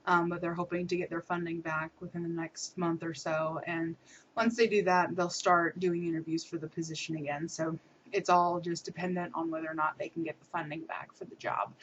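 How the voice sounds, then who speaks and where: A woman's voice: lowish voice, little pitch movement, fairly quick, slight background noise. Chatty young American woman, lo-fi vlog. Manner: chatty, upbeat, many ums and soft laughs. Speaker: vlogger. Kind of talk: casual video diary update. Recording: muffled lo-fi camera audio.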